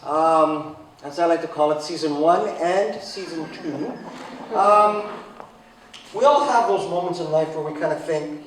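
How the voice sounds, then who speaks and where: A man in his forties giving a humorous personal talk, telling a story in a sarcastic way, with sudden loud exclamations. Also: a little high, measured pace, a little hiss or hum. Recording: very echoey hall from far off.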